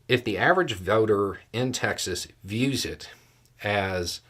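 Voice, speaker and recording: A man as a guest analyst, explaining political outcomes in a steady, measured way. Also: mid-range voice, slightly rough.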